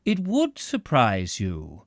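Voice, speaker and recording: A man doing a placid, slow-talking interrogator. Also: fairly high pitch, wildly swooping pitch, no room sound, clean studio sound, heavily acted. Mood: placid probing. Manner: slow, soft and unhurried, drawn-out questions. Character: placid, slow, probing male official. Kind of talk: audiobook character voice.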